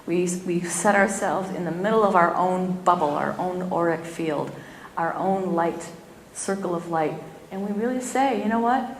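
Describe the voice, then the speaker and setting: Woman, middle-aged, spiritual teacher, gentle expressive storytelling, roomy hall echo. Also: fairly low pitch, normal speed. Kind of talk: spiritual talk to a live audience. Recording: echoey hall, faint room noise.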